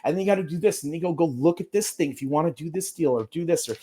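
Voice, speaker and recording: A man's voice: a little high, rapid-fire, dark tone, breathy edge. Rambling man with lots of restarts. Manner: rambling, many fillers and restarts. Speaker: attorney guest. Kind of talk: casual interview talk.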